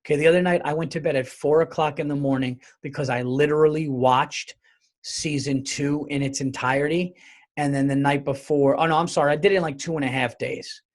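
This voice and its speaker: A male comedian hosting his own podcast, riffing alone in a loose, rambling, joking way. His voice sits a little higher than most men's, and he speeds up and slows down as he goes. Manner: animated, rambling, jokey with profanity. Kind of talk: casual solo podcast monologue.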